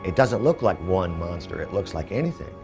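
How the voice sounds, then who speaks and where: A man in an interview recalling past decisions in a measured, thoughtful way with some hesitations. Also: sits low, sing-song, a little mellow, faint music behind. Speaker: interviewee recalling making a film. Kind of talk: reflective interview.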